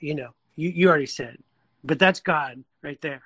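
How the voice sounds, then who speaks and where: A male coach joins as a guest in a casual chat. His fairly high voice sounds dry and close, and he speaks earnestly, often echoing agreement. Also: fairly quick, fairly bright tone, slightly rough.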